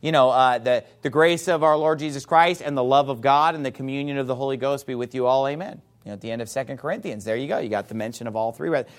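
A man preaching a sermon, reading scripture emphatically and playfully mimicking his opponents in excited voices. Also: mid-range voice, quick pace, few pauses. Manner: reads scripture aloud in a rising, emphatic voice.

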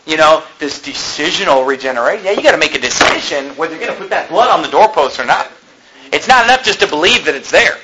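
A man preaching a fiery sermon, rising to shouts at his peaks and dropping to a conversational tone for stories. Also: a little high, expressive, fast talker, background noise. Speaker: pastor.

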